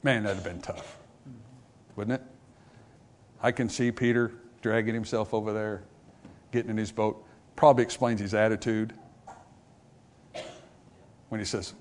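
Guy preaching a revival sermon in church, goes loud and then drops way down quiet, acts out little bits of dialogue. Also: steady tone, a little slow, long pauses, a little hiss or hum. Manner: dramatic, swings from loud and rising to low and quiet; acts out small dialogues between characters. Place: church before a congregation.

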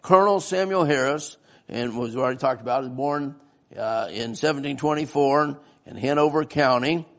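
A man's voice: medium pitch, moderate pace, fairly bright tone. A man preaching a sermon-style history lesson in a church, folksy and often asking the congregation questions.

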